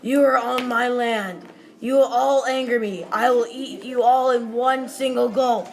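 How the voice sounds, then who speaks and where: A woman voicing a huge, boastful, hungry male monster who makes slow, repetitive threats. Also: fairly high pitch, steady tone. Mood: menacing.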